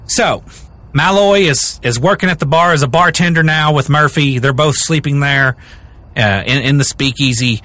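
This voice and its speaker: A young adult man with a slightly high voice speaks at normal speed while co-hosting a podcast. He tells a true crime story casually, rambling and animated, cracking jokes and restarting many times.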